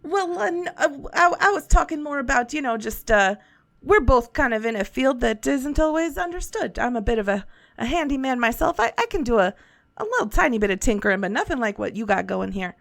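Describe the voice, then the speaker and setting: A cagey, friendly handyman drawls in a put-on Southern voice, as a woman plays him. He stumbles over his words in a folksy, roundabout way. The sound is close and dry, with a fairly high voice underneath. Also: animated, fairly quick, gravelly, dry recording. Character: shady folksy male handyman tinkerer, friendly but cagey.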